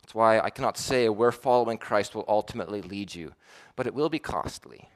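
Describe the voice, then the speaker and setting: Man preaching earnestly, loud then hushed. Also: lowish voice, fairly quick. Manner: earnest preaching, swings between emphatic and hushed. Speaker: pastor. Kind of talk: sermon.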